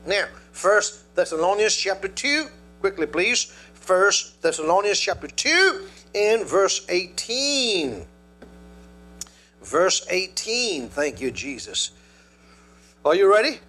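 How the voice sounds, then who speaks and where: A male preacher delivering a sermon, telling a story and calling out to the congregation in an animated way. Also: high-pitched, measured pace.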